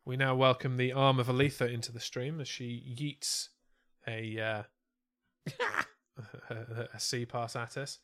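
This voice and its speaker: A man's voice: mid-range voice, little pitch movement, measured pace, pauses often, a bit bright. A man co-hosting a casual live-streamed podcast, joking and spinning absurd stories. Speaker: podcast co-host. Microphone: studio mic on a stand.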